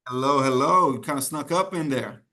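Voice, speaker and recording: A man with a medium-pitched voice teaches a live online exam prep class, talking fairly quickly in a pushed, bright tone. He's conversational and encouraging, repeating the key points and checking in with "okay?" again and again.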